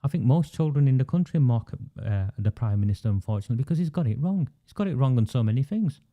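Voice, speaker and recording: A man's voice: medium pitch, lively intonation, fast talker, dark tone. A man with a Northern English accent, hosting a livestream and talking in an emphatic, indignant, repetitive way. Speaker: live stream host. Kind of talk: impassioned livestream monologue.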